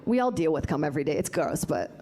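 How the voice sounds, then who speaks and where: A woman's voice: low-pitched, big pitch swings, fast, mellow. A woman doing a stand-up comedy set, crude and playful, with some crowd work.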